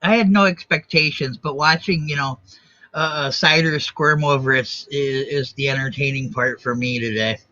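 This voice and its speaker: A man's voice: medium pitch, fairly even intonation, normal speed, bright, forceful tone, no echo, muffled recording. A man joining a livestream, teasing the host in an amused way. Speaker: guest on a stream. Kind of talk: casual chat.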